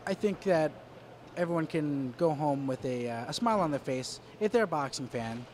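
A man's voice: fairly high pitch, expressive, moderate pace, darkish tone. Hesitant male boxing commentator, noisy arena. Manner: hesitant, many fillers and restarts; dry, wry asides. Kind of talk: live fight commentary.

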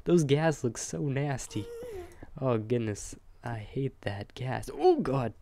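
A young man giving chatty, excitable let's-play commentary, joking and talking to his viewers as he plays. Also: mid-range voice, slow. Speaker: gamer.

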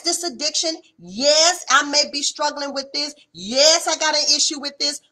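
A woman preaching a short devotional, her voice fairly high and husky. She moves between fervent, emphatic declarations and low, intense asides, speaking in a plain, folksy way. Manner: passionate, swings between loud exhortation and hushed intensity; colloquial, uses folksy address.

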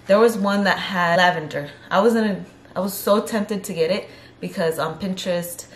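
A woman's voice: mid-range voice, moderate pace, roomy sound, slight background noise. A young pregnant woman chatting casually on her vlog, out of breath and rambling as she corrects herself. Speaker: vlogger.

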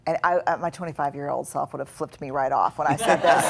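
A middle-aged woman with a notably low, deep voice speaks earnestly in a live studio conversation. She tells stories and slips into the voices of the thoughts she describes. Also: fairly even intonation, quick pace, gravelly, few pauses, some chatter behind. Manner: earnest, storytelling, acts out inner voices. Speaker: guest author and researcher.

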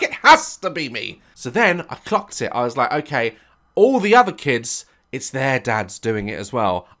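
Guy ranting, sweary and funny, bright voice bouncing all over the place. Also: mid-range voice. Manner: animated, swearing, ranting comic storyteller. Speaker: reaction video host. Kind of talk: casual reaction commentary and storytelling.

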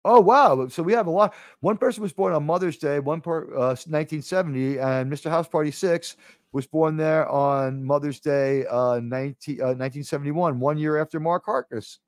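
A man with a New York accent hosting a casual live stream, rambling and restarting his sentences, with sudden animated bursts. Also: on the high side, moderate pace, dry recording, clean studio sound. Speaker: livestream host.

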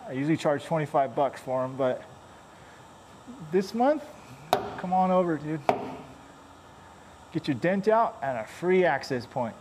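A man's voice: fairly high pitch, expressive, a little slow, pauses often, noisy background. Joking man talking while fixing a dent. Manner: joking, chatty, grumbles under his breath. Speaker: paintless dent repair technician. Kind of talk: casual running commentary while working.

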